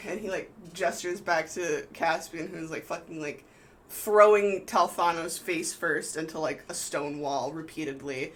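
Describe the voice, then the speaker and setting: Rambling, bright-voiced game master. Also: medium pitch, fairly even intonation, measured pace, rough recording. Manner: rambling, many fillers and laughs. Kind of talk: live tabletop game narration.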